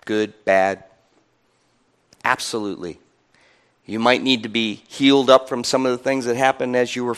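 A male pastor preaching a sermon in an animated, conversational way, chuckling often as he tells stories. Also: on the low side, clear, resonant tone. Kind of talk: sermon storytelling.

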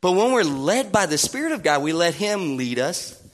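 A man preaching a sermon in a playful, animated way, acting out little voices and sounds. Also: high-pitched, normal speed.

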